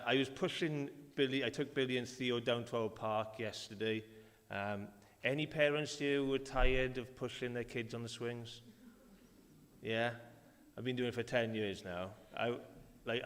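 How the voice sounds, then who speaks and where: Welsh preacher in a reverberant church. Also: male voice, mid-range voice, steady tone, moderate pace, a bit bright. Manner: conversational, with frequent fillers and restarts. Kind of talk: sermon. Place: church hall.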